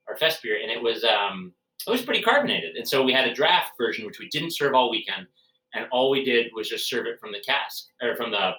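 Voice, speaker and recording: A man's voice: mid-range voice, pushed and bright. A man who works as a brewer, chatting casually and at length, rambling with fillers and restarts. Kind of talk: casual podcast chat. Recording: roomy, distant from the mic.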